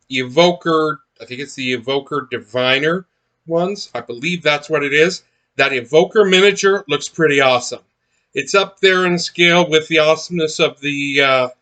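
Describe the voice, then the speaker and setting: A man's voice: fairly high pitch, pushed and bright. A man chatting casually as he unboxes miniatures, rambling with many fillers and restarts. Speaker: miniatures collector unboxing blind boxes.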